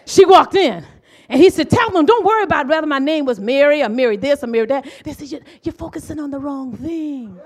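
Impassioned high-voiced woman preacher. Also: lively intonation, fairly quick. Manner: impassioned, swings from hushed to shouting. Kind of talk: sermon.

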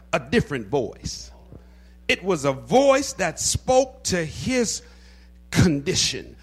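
A high, gravelly male preacher whose pitch leaps and swoops from phrase to phrase. He drawls his words slowly and builds to shouted, half-sung climaxes before falling back to a husky hush. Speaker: pastor. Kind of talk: sermon.

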